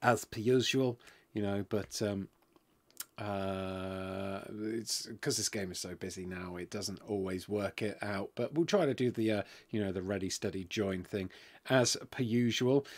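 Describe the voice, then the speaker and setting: A man's voice: mid-range voice, darkish tone. A man hosting a live game stream in casual chat, rambling and apologetic with lots of filler words, from a home gaming setup.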